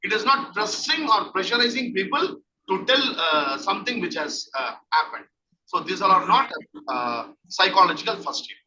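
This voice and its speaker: A man's voice: sits high, big pitch swings, normal speed, bright, forceful tone. A man, giving a training lecture as a counselling trainer and repeating his key points as he explains. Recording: distant dull lo-fi mic with faint noise.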